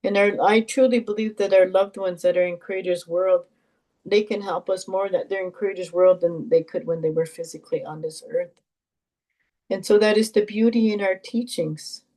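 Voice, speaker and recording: An older woman, an Elder from Canada, sharing heartfelt stories and teachings in a gentle, reflective way with pauses and repetitions. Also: on the low side, low-quality recording. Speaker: Elder and knowledge keeper.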